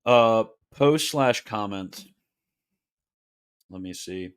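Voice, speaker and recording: A man's voice: fairly low pitch, lively intonation, drawn-out words, clear, resonant tone. A man casually hosting a livestream Q&A, reading viewer questions with wry, joking asides and frequent laughter.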